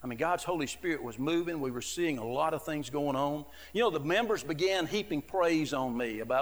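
Middle-aged male pastor, earnest and chatty in the pulpit, slightly high pitch, long reverb. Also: lively intonation, brisk, few pauses. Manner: earnest, conversational storytelling with frequent "you know". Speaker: associate pastor. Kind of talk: sermon.

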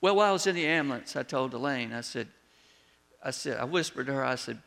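A pastor preaching and telling a story from the pulpit. His voice is gravelly and bright, at a middle pitch, and it rises for retold dialogue before falling quiet at the ends of lines. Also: fast. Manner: storytelling, animated when retelling, drops soft on closing words. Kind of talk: sermon.

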